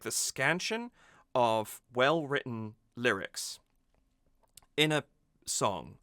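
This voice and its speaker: A man's voice: medium pitch, bright, forceful tone, clear, resonant tone, dry recording, studio quality. A man hosting a music reaction, talking through the song analytically in a thoughtful way, often restarting his sentences.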